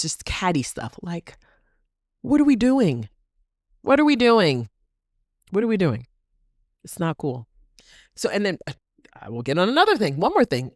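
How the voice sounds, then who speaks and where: A woman's voice: a bass voice, dry recording, clean studio sound. A woman hosting a solo podcast, talking animatedly, asking rhetorical questions and repeating phrases for emphasis. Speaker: podcast host.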